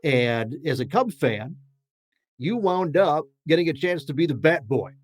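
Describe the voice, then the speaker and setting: A man's voice: on the high side, animated, unhurried. A man hosting an interview, asking long questions with some hesitant repeats. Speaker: host.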